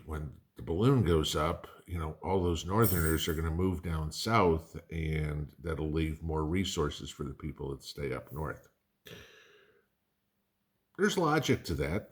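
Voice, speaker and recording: A middle-aged man hosting a prepping channel, talking casually to camera in a conversational, rambling way with folksy asides. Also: extremely low pitch.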